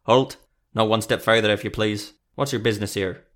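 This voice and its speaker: A man voicing a stern male dwarven border guard who barks curt, loud orders. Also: lowish voice, steady tone, fairly quick, close to an everyday voice.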